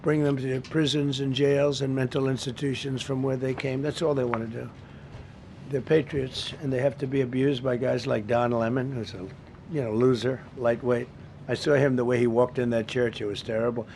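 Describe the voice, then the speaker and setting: A man's voice: medium pitch, level tone, moderate pace, creaky, darkish tone, slight background noise. A man in his seventies giving off-the-cuff remarks at a press briefing in a government briefing room, blunt and repetitive, with rambling asides, into a podium microphone. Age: 70s.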